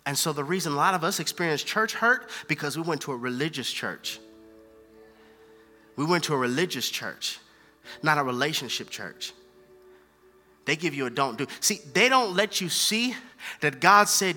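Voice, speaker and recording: A man preaching a sermon, animated, moving from hushed asides to loud emphatic lines and using casual slang. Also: fairly high pitch, moderate pace, long pauses, soft background music.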